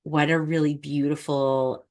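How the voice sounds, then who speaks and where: A woman with a low voice hosts a podcast and offers gentle, reflective remarks. She speaks in an affirming, unhurried way. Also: little pitch movement. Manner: soft affirming murmurs, reflective. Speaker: podcast host. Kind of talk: interview podcast, warm reflective commentary.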